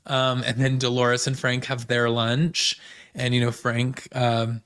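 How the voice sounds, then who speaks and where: A man's voice: mid-range voice, completely flat delivery, takes it slowly, fairly bright tone, clear, resonant tone. A man hosting a podcast, chatting casually and gossipily about reality TV, full of fillers like "um" and "you know". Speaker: podcast host. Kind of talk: casual recap chat.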